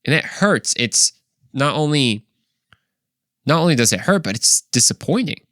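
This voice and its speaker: A man's voice: on the high side, sing-song, normal speed, a bit bright, no echo, studio quality. A man hosting a faith podcast, talking earnestly and conversationally to the listener, often saying "man" and "bro". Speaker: podcast host. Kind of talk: casual faith podcast monologue.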